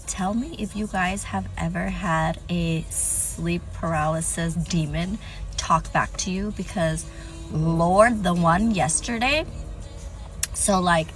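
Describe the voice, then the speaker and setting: A woman excitedly retelling a frightening experience in a casual, swearing clip. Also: lowish voice, rough recording. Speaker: social media creator.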